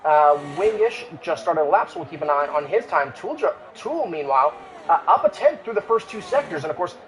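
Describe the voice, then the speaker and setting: A man's voice: a little high, expressive, fairly quick, fairly bright tone, slight background noise, low-quality recording. A man giving live commentary on an online sim racing qualifying session, with frequent "uh" fillers and restarts. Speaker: race commentator.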